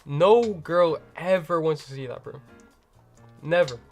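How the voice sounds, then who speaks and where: A man hosting a game stream from home, chatting loosely with his viewers. He rambles and stacks up casual fillers and slang as he goes, in a voice a touch higher than most men's, with quiet music playing in the background. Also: expressive, takes it slowly. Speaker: livestream host.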